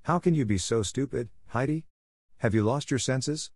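A man voicing an impatient aunt who scolds a child in an excited, reproachful way. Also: fairly low pitch, moderate pace, dry recording, clean studio sound, natural voice. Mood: exasperated. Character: shrill scolding middle-aged aunt, impatient woman.

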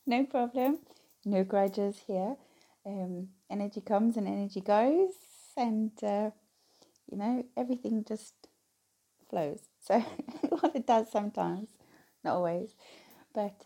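Gravelly-voiced woman talking candidly. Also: medium pitch, warm tone. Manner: candid, rambling, laughs between phrases. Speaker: vlogger. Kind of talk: casual personal talk to viewers.

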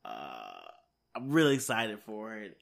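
A man's voice: fairly low pitch, wildly swooping pitch, measured pace, creaky. A man hosting a casual solo podcast from home late at night, rambling and sounding tired. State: hiccups. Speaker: podcast host.

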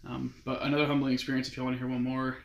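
Speaking in a completely flat, gravelly, rapid-fire way, this young adult guest at medium pitch rambles through a long, casual story about his mission, constantly quoting people with "he's like." The recording carries a roomy echo and a little hiss or hum.

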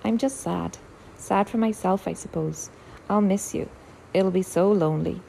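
A woman voicing a tearful young woman who is the heroine's older sister, speaking softly and pleadingly. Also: medium pitch, normal speed, gravelly, a little hiss or hum, low-quality recording. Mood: sad.

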